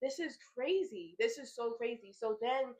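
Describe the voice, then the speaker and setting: Casting: young woman vlogger, fairly high voice, lively storyteller, relaxed home chat, fillers and laughs. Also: normal speed. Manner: animated storytelling, laughs often, many "like"s. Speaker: vlogger, big sister. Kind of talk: casual heart-to-heart chat. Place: home, pajama night.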